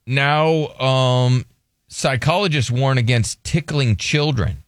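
A man's voice: medium pitch, slow, no echo, clean studio sound. A man hosting a radio show, joking around and reading headlines aloud in casual banter.

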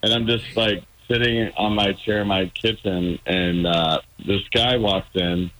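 On this poor-quality line, a male caller to a radio show tells a casual, rambling story full of ums and hesitations. He speaks at a measured pace in a fairly low, slightly bright voice with fairly even intonation.

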